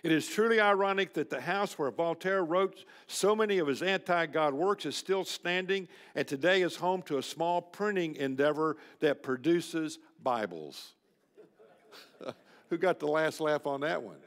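A man's voice: on the high side, lively intonation, a little slow. An older man preaching a folksy, blunt, emphatic sermon to a men's luncheon. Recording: reverberant hall.

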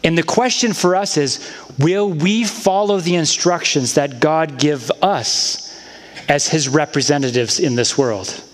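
A man's voice: a little high, a little slow. A man preaching a sermon as a pastor, in a conversational style with casual asides. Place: church sanctuary. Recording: long church-hall reverb.

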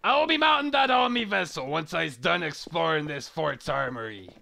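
A man voicing a gruff, swaggering male pirate captain with a growled, old-fashioned pirate drawl, heard over a machinima clip. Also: on the high side, lively intonation, moderate pace, bright, forceful tone, heavily acted. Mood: hearty. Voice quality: growled pirate accent with archaic grammar. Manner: theatrical, drawling. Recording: game audio mixed under, noisy.

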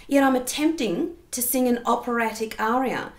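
A woman's voice: a little high, animated, moderate pace, reverberant. A woman giving an online singing lesson, explaining technique and stopping to sing short demonstration phrases. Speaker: singing teacher.

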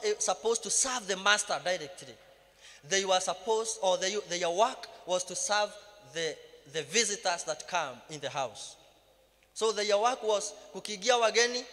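A man's voice: high voice, a bit bright. A man with a Kenyan accent leading a Bible study, mixing English and Swahili and rising to emphatic cries. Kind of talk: sermon-style Bible teaching. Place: church hall. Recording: reverberant church hall.

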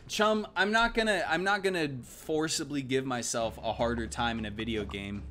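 A man's voice: medium pitch, normal speed, hardly any pauses. A young man streaming a video game, chatting casually, rambling and swearing, mumbling one moment and yelping the next. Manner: rambling and profane, swings from mumbles to excited yelps. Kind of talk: casual gaming stream chat.

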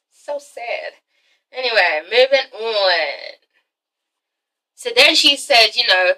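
A woman's voice: fairly high pitch, pushed and bright, far from the mic, low-quality recording. A woman doing a casual vlog recap of a TV episode, sassy and swearing freely as she talks straight to her viewers. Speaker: TV episode reviewer.

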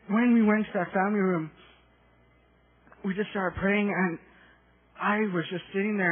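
A young man giving an emotional personal testimony at a live church conference, earnest and repetitive, building in intensity. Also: high-pitched. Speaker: youth testimony speaker. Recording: tinny, phone-like live recording.

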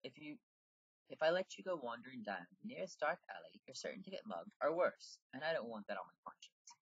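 A man's voice: big pitch swings, brisk, breathy edge, dry recording, dull audio. A man voicing a brusque British woman guide in a fantasy game, raising his voice so it sounds almost feminine. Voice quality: raised, almost feminine pitch.

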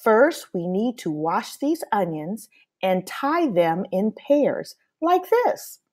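A woman reading a picture book aloud, voicing a kind grandmother who gently encourages a child. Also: medium pitch, sing-song, takes it slowly. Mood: gentle. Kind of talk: storybook read-aloud.

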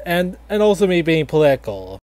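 A man voicing a grandfatherly animatronic fox who tells a satirical history lesson in a halting, filler-heavy ramble. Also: on the high side, big pitch swings, darkish tone, no echo. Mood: rambling. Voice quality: halting, filler-heavy, lots of likes and restarts. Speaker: storyteller grandfather. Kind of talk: casual satirical storytelling.

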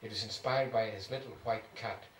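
A man voicing a gentle, shy, cultured older archbishop who speaks softly, in an echoey room heard from far off. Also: on the low side, steady tone, normal speed, slight background noise, lightly acted. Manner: soft-spoken, delicate.

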